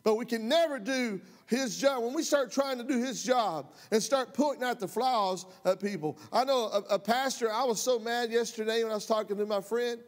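High-voiced impassioned male pastor. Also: a little fast. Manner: impassioned, folksy, rising to loud outbursts. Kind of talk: sermon. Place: church sanctuary. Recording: long hall reverb.

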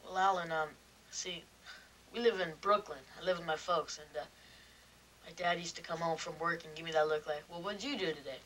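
A young actor playing a shy teenage boy from Brooklyn who talks in a hesitant, halting way, in a film drama. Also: a little high, steady tone, sharp tone, distant mic, slight background noise, rough recording. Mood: earnest. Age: teen. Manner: hesitant, halting, lots of ums. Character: shy Brooklyn teen boy, music fan. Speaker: fan club president.

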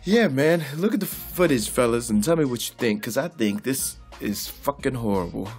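A man doing loud, profane, comedic boxing commentary in a vlog, laughing often and calling out like a preacher. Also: mid-range voice, expressive, moderate pace, faint music behind. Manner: boisterous, profane, laughs a lot, preacher-style call-outs. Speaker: boxing vlogger.

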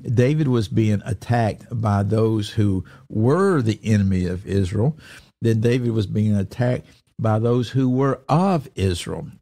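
A man giving devotional Bible teaching, earnest and repeating key phrases, reading verses slowly and deliberately. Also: on the low side, warm tone. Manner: reads scripture slowly and deliberately.

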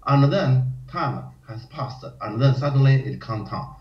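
A man teaching a Go lecture in non-native English, often acting out panicked players in a high voice. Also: expressive, a little slow, few pauses, darkish tone. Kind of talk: live-streamed lecture. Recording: roomy, dull lo-fi stream audio.

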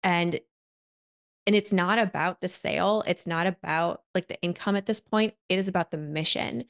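A woman podcast host talking in a casual, heartfelt way, with "like" dropped all through her sentences. Her voice sits on the lower side for a woman. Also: steady tone, normal speed. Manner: heartfelt, frequent "like" fillers. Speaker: podcast host and wellness coach.

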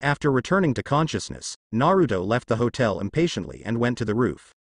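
A man reads translated fan fiction aloud, steady and unhurried. His pitch rises and falls a lot, which keeps the story moving. The recording is dry, close and free of room sound. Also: creaky, breathy edge, no echo. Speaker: narrator.

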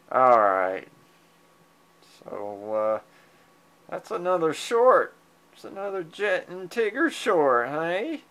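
A man at home speaks very slowly to his cats, coaxing them and meowing back. He chuckles quietly between lines. His smooth, resonant voice is picked up by a handheld camera mic. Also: a little high, very animated. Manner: fond, coaxing pet talk, meows at the cats, soft chuckles. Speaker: cat owner filming his pets. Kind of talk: casual talk to his cats. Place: at home indoors. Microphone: handheld digital camera mic.

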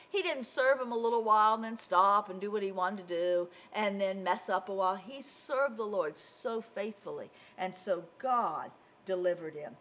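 A woman teaching a Bible lesson to children, telling the story in an animated way and acting out the voices. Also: medium pitch.

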